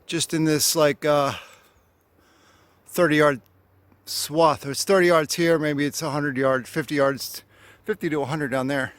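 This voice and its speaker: A man's voice: on the high side, steady tone, unhurried, pauses often, a bit bright, dry recording. A man vlogging a solo hike outdoors, talking to himself with wry, chatty asides and winded from walking. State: out of breath. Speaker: hiking vlogger. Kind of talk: rambling solo trail vlog. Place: wooded hiking trail outdoors.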